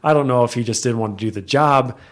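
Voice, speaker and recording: A man's voice: medium pitch, fast talker. A man co-hosting a podcast, casually telling a work story and acting out the people in it. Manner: animated, acts out quoted people. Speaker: real estate agent, podcast co-host. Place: podcast studio.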